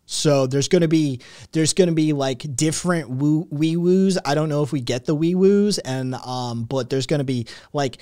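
A man hosting a podcast rambles through casual commentary, full of sarcasm and swearing. His pitch is average, and the sound is dry and close, with no room echo. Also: darkish tone. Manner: profane, sarcastic, rambling with many fillers. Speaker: podcast host.

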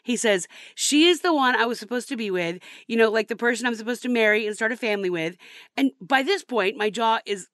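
A woman's voice: a little high, animated, brisk, fairly bright tone, no echo, studio quality. An actress playing a heartbroken young woman, telling her story in a bitter, sarcastic, rambling way. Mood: indignant. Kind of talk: comedy sketch acting.

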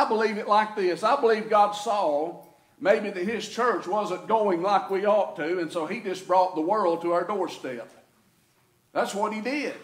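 Southern preacher guy, pretty high voice, church echo all around, folksy and builds up then drops low. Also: fairly bright tone. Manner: folksy preaching, rising and falling in intensity. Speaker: pastor. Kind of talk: sermon. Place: church sanctuary. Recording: echoey church room.

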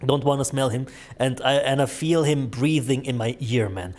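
A man's voice: mid-range voice, normal speed, darkish tone. A young adult man streaming a horror game, telling a rambling, profane anecdote with lots of fillers and laughter. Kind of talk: casual gaming stream storytelling.

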